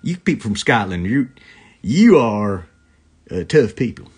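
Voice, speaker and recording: Husky, lively man doing live-stream banter. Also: on the low side, unhurried. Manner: rambling, joking, greets viewers. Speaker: comedian hosting a live stream.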